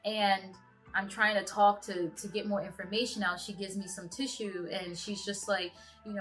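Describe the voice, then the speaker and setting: A woman in her twenties telling a personal story to camera in a halting, earnest way, often stopping and restarting her sentences. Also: medium pitch, flat delivery, fairly bright tone, soft background music. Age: 20s. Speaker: vlogger.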